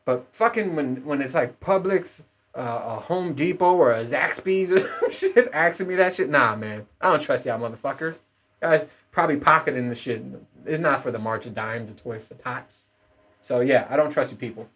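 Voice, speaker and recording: A man's voice: medium pitch, animated, moderate pace, fairly bright tone. A man with a middle-range voice talks straight to his listeners in a loose, unscripted podcast rant. He swears freely, rambles from one gripe to the next and chuckles at his own complaints. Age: adult parent. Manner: profane, rambling, frequent laughs. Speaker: podcast host. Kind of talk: casual solo podcast rant.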